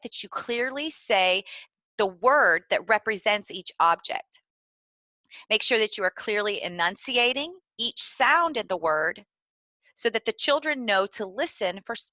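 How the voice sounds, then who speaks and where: A woman giving clear, deliberately enunciated instructional narration for preschool teachers. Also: medium pitch, bright, forceful tone, no room sound. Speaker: early literacy trainer.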